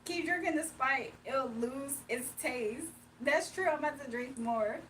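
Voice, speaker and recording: A woman's voice: sits high, unhurried, a bit bright, far from the mic, a little hiss or hum. A woman from Virginia hosting a casual livestream, chatting loosely and reading out viewer comments. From Virginia, USA. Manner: chatty, laughs often, reads chat aloud. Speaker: livestream host.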